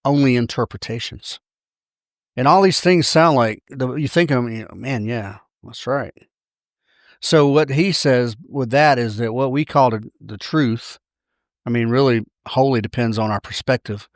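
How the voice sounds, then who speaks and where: A man's voice: mid-range voice, dry recording, clean studio sound. A man with a Southern accent hosting a podcast, talking through ideas in a chatty, wry way and often correcting himself mid-sentence. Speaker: podcast host. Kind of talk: casual monologue.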